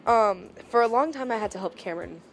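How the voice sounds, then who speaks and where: A woman in a documentary interview, softly and haltingly recalling the death of a close friend. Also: mid-range voice, expressive, gravelly, music in the background. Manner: soft, reflective, halting with many "like"s. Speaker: friend of the deceased. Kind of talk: documentary interview, recounting a loss.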